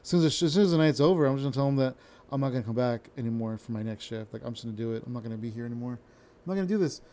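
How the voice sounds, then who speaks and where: A man's voice: medium pitch, lively intonation, very fast, dark tone, slight background noise. A young adult man hosting a podcast, telling a rambling, self-interrupting story with casual swearing. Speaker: podcast host.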